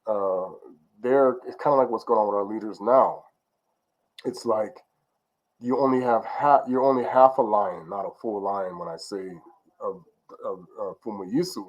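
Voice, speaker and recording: Rambling man teaching with lower voice. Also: normal speed, muffled recording. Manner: rambling, with many fillers and restarts, ending lines with okay?. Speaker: spiritual teacher. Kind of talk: informal religious teaching.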